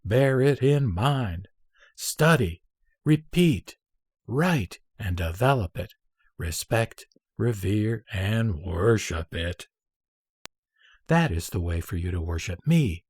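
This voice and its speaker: A man reading an old Buddhist scripture aloud in a measured, solemn recitation, pacing out long lists phrase by phrase. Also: fairly low pitch, lively intonation, darkish tone, husky, no room sound, clean studio sound.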